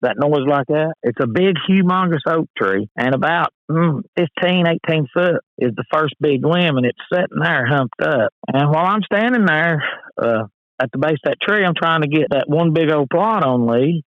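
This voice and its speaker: Male guest, vivid folksy teller, slightly high voice, phone-like sound. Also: lively intonation, moderate pace, dry recording. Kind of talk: dramatic storytelling. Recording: tinny phone-line sound.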